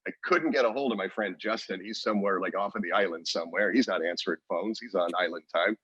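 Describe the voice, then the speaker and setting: A man's voice: sits low, quick pace, fairly bright tone, slightly rough, no echo, highs cut off. A man co-hosting a podcast in casual chat, rambling and restarting his sentences and laughing often. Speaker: podcast co-host.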